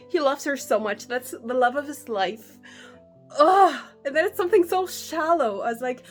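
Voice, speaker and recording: A woman giving her reactions in a casual book vlog, animated and exasperated, laughing often and swearing, recorded on a phone held at arm's length. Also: high-pitched, measured pace, faint music behind. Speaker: book vlogger.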